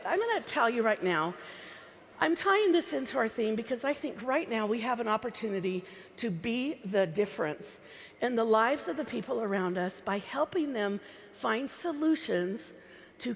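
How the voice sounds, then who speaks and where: A woman's voice: on the high side, vocal fry, a little hiss or hum. A woman giving a chatty, playful live talk from a stage microphone to a large convention crowd. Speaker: convention speaker. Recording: live hall sound with reverb.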